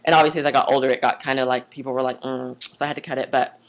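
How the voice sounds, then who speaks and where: A woman's voice: a bass voice, steady tone, rapid-fire. A young adult woman vlogging in a casual monologue, chatty and gushing, rambling off onto tangents. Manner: gushing, says "oh my God" and "like" a lot.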